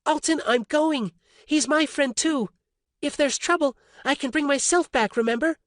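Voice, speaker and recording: A woman's voice: high-pitched, moderate pace, no room sound, studio quality, voice pushed up, lightly acted. A man voicing a stubborn, bold young spacefaring woman who talks bluntly and insistently.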